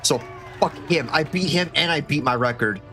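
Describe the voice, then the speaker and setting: A man giving casual gameplay commentary as a streamer, excitable and joking, swearing often. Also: on the high side, moderate pace. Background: game music.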